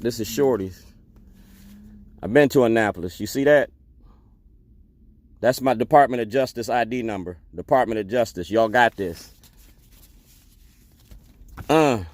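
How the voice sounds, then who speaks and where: A man giving a defiant public testimony as an activist, repeating himself and calling people out. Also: mid-range voice. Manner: defiant, declaiming, repetitive.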